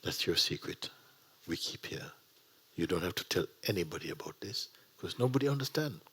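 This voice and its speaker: A man teaching a spiritual gathering in a gentle, unhurried way, often dropping to a whisper. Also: deep voice, lively intonation, breathy edge. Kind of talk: sermon to a gathering. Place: satsang gathering.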